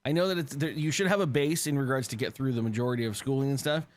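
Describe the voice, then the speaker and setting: Dude co-hosting a podcast, mid pitch, stumbles over words, swears easy. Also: male voice, fast. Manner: swears casually, stammers on restarts. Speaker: podcast co-host. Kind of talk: casual chat.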